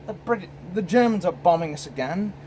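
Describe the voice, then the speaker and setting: A man's voice: high-pitched, animated, fairly quick, darkish tone, a little hiss or hum, pitched above the performer's own voice, low-quality recording. A man voicing a timid, stiff-upper-lip British man who pleads politely. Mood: politely pleading.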